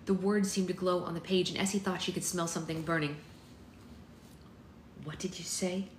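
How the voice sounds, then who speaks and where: Low-voiced woman reading a novel aloud. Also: fairly even intonation, fast. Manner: chatty asides to listeners. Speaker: book club host. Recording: echoey room with faint noise.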